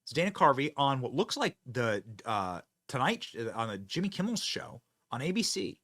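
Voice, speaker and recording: A man hosting political commentary, who talks in an energetic, emphatic, projecting way. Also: mid-range voice, normal speed. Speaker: host.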